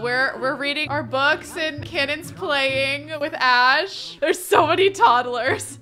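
Bubbly woman gaming host, high voice. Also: bright, forceful tone. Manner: bubbly, chatty, exclamatory. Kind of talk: let's play commentary.

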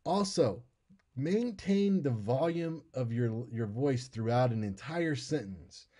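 A man's voice: medium pitch, expressive, takes it slowly, mellow. An American man giving an informal lecture on public speaking, conversational and repeating his key points.

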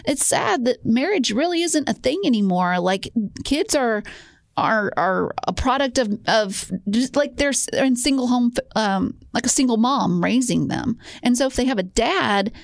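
Earnest woman with a gravelly voice. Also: fairly high pitch, animated, moderate pace, no echo, clean studio sound. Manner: earnest, restarts often, emphatic. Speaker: co-host. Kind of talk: casual faith talk show chat.

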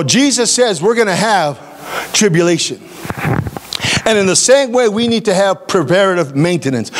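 A male pastor giving a sermon, emphatic and talking straight to his congregation. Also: high-pitched.

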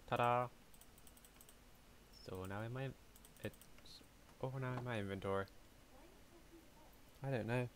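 A man's voice: mid-range voice, a little hiss or hum. A young man giving casual let's-play commentary, chatty, talking to himself and humming as he plays. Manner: chatty, talks to himself, hums and mutters while playing. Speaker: gaming YouTuber.

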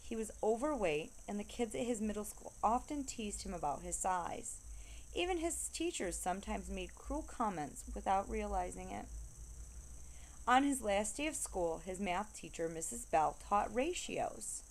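Woman reader, read-aloud of a children's novel, steady pace, mid-range voice, leans on refrains. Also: mid-range voice, normal speed.

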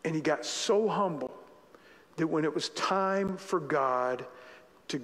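Male pastor, sermon, higher voice, repeats for emphasis, echoing sanctuary. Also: slow, fairly bright tone. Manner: conversational, repeats phrases for emphasis. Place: church sanctuary.

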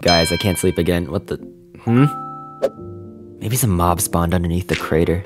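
Excitable deep-voiced cartoon host, man. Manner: excitable, quick reactions, lots of surprised outbursts. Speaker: host and animator of a game cartoon. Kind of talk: animated cartoon voice acting. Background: background music.

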